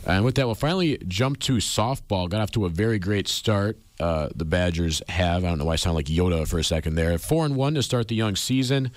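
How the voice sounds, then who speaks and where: A man's voice: deep voice, expressive, fairly quick, hardly any pauses, dry recording, clean studio sound. A young man co-hosting a casual sports chat show, chatty and enthusiastic. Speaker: co-host.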